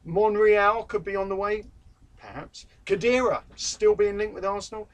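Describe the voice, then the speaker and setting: A man's voice: sits high, normal speed, distant mic. A man hosting a casual football vlog indoors, making playful jokes and wordplay. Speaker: vlog host. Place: indoors, talking to camera.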